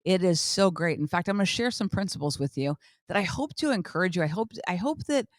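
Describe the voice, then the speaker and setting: A woman's voice: fairly low pitch, expressive, quick pace, no echo, studio quality. A middle-aged woman hosting a motivational podcast, talking emphatically and repeating phrases for effect. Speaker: podcast host.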